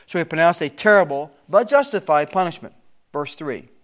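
A man's voice: fairly high pitch, very animated, fairly quick, fairly bright tone. A man teaching a verse-by-verse Bible study, reading scripture aloud with rising emphasis, then explaining it in plain talk with frequent repeated words. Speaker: preacher.

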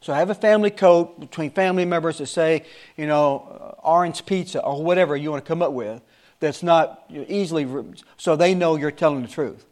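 A man's voice: a little high, brisk, darkish tone. A man in his sixties, a Sunday school teacher giving his class an earnest, repetitive warning in casual talk. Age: 60s.

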